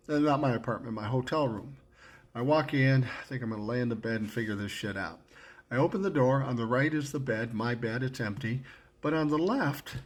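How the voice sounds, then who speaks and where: Blunt, profane older man telling stories. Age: 60s. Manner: blunt and profane, acting out his own past lines with rising pitch. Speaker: storyteller recalling his radio career. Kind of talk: casual spoken storytelling.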